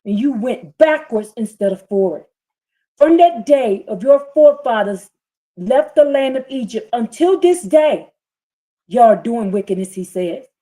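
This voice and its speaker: Fiery preaching woman, higher voice. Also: lively intonation, measured pace, dark tone. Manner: fiery, scolding, reads scripture in rising bursts. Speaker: preacher streaming a scripture reading. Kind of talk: impassioned live-stream sermon.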